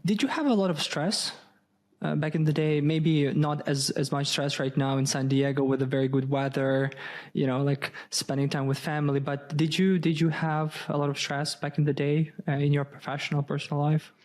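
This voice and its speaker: A man's voice: on the high side, little pitch movement, normal speed. A man hosting a podcast, asking his guest questions and nodding along with short affirmations. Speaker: podcast host. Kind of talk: interview questions.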